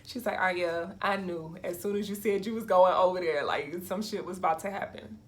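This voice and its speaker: A woman's voice: fairly low pitch, fairly quick. A young woman vlogger telling a casual storytime, acting out quotes and laughing often.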